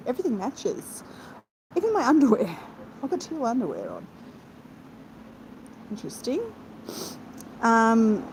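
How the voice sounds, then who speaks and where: A woman chatting with viewers on a live stream, rambling with quick asides. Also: mid-range voice, darkish tone, poor audio. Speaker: vlogger. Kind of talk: casual live chat while travelling. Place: inside a moving car. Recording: road noise from the car. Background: vehicle noise.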